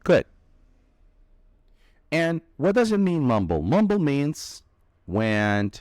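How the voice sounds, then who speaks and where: A man teaching English vocabulary, explaining slowly and stressing each key word. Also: on the high side, big pitch swings, a little mellow, no echo, studio quality. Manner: slow, emphatic explaining with drawn-out key words. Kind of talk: vocabulary lesson.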